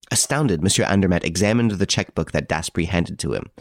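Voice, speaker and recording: A man narrates a story in a measured, steady reading voice. His voice is deep and low. The recording is dry and close, with no room sound. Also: vocal fry, no room sound. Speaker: audiobook reader. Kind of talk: scripted first-person narration.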